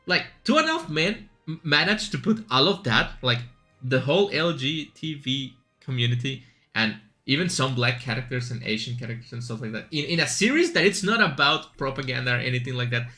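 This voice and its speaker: Man, bright forceful voice, rambling casual gaming chat, faint background music. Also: medium pitch, expressive, a little fast. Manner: rambling, chatty, with asides and filler. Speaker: streamer.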